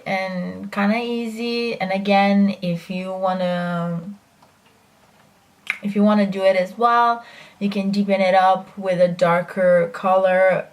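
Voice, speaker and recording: A young woman chatting casually through a makeup tutorial as a beauty vlogger, self-deprecating and full of fillers. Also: mid-range voice.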